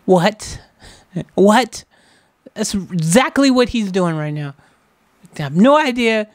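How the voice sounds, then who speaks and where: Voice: medium pitch, expressive, takes it slowly, dry recording. A music reaction host in casual commentary, joking and teasing the viewers in a playful way. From United States.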